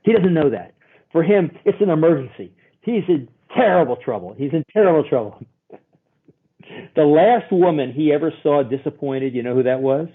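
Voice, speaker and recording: A husky-voiced man speaks over a thin, phone-like line from a remote call. He explains things as a guest therapist, telling little stories and acting out the people he quotes. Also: fairly high pitch, normal speed. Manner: acts out quoted voices, animated storytelling. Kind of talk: expressive explaining.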